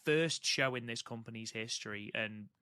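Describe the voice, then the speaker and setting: In a bright, forceful, clear and resonant mid-range voice at a moderate pace, a man co-hosts a podcast in casual chat. He's enthusiastic and tends to repeat words for emphasis, captured in a dry, clean studio recording.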